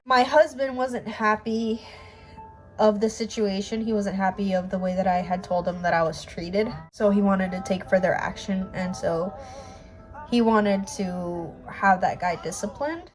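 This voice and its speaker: A woman family vlogger telling a personal story in a casual, animated way, using slang. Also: medium pitch, normal speed, faint music behind. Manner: animated, emphatic retelling with slang.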